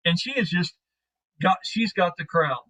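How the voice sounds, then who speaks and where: Casual, profane game master, higher male voice. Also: lively intonation, a little slow, pushed and bright, rough recording. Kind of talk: narrating a tabletop game.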